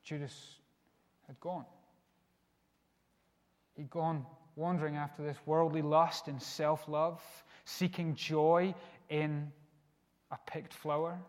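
Man, preacher, sermon, earnest, hushed to emphatic, slightly high pitch, long hall reverb. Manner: earnest, shifts from soft hushed lines to emphatic rises.

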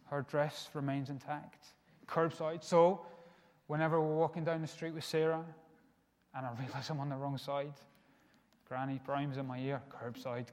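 A man preaching a sermon in an earnest way, dropping to hushed lines and rising for emphasis. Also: a little high. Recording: long reverb of a hall.

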